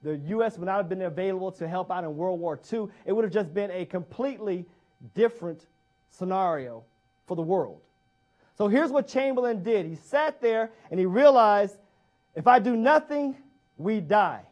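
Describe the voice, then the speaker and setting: A man with a fairly high-pitched voice delivers a motivational speech. He speaks emphatically and repeats key phrases to hammer each point home. He often puts direct questions to his listeners. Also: moderate pace, a little mellow.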